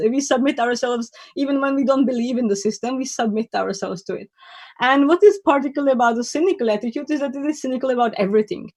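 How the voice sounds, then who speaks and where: Woman giving a halting academic talk. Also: fairly high pitch, darkish tone, dry recording. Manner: many fillers and restarts, critical and wry. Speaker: conference speaker. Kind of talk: academic lecture. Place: online conference talk.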